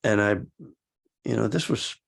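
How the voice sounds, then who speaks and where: Low, gravelly man giving a dharma talk. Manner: halting and reflective, with frequent restarts. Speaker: meditation teacher and author. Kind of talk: casual dharma talk to a class.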